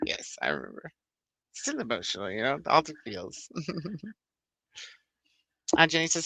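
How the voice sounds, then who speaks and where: A man's voice: medium pitch, big pitch swings, normal speed, creaky, bright, forceful tone, no room sound. A man hosting a book club livestream, chatting casually, rambling, laughing often and reading out viewer comments.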